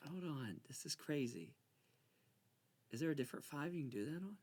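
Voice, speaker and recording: A man chats through a card game in a casual, excitable way, squabbling with himself and playing up his fear. His voice is gravelly and swings widely in pitch. The recording carries a steady layer of noise. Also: brisk. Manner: excitable, bickering with himself, mock-frightened. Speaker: channel host playing solitaire. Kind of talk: casual gameplay commentary.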